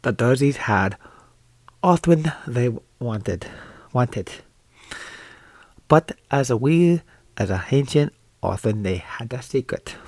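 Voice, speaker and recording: A man voicing a clumsy mock-Scottish storybook reader in an attempted Scottish accent, stumbling and halting through the text. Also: mid-range voice, animated, a little mellow, no echo. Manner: stumbling, halting reading aloud. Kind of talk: reading a book aloud in a put-on accent.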